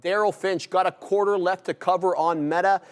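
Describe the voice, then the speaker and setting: A young man hosting a live day-trading stream, giving brisk, upbeat commentary and shout-outs to viewers. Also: high-pitched, steady tone.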